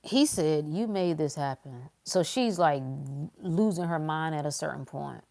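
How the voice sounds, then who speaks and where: A woman's voice: deep voice, a little slow, gravelly, darkish tone. A woman hosting a casual motivational livestream, talking emphatically to her viewers and repeating phrases to drive her points home. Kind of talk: casual motivational talk to a live audience.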